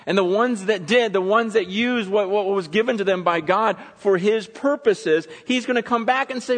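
A man preaching a sermon, acting out quotes with dramatic swings between loud and hushed delivery. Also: high-pitched, moderate pace, hardly any pauses. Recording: long hall reverb.

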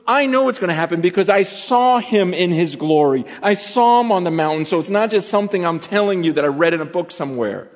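A man's voice: sits high, lively intonation, brisk, few pauses, long reverb tail. A pastor voicing the apostle Peter as an earnest, insistent man retelling what he saw, in a casual everyday manner.

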